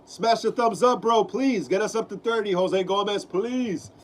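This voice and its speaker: A man with a fairly high voice hosts a casual live stream, reading out viewer comments. He is sick, and his clogged nose gives everything he says a stuffy, nasal sound. His delivery is loose and slangy, full of repeated phrases and "bro.". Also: a little slow, rough recording. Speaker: live-stream host of a horror film channel.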